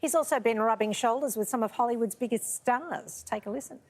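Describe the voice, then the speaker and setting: High-voiced woman hosting morning TV. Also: a little fast. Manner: bright, chatty, friendly interviewer. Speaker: TV host. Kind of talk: morning TV presenting. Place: TV studio.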